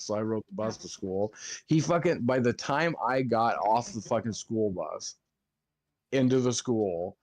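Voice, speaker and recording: A man's voice: mid-range voice, a little slow, darkish tone, dry recording. A young man telling rambling stories in casual podcast chat, swearing constantly and acting out what others said. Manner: rambling, heavy swearing, acts out quotes. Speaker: podcast co-host.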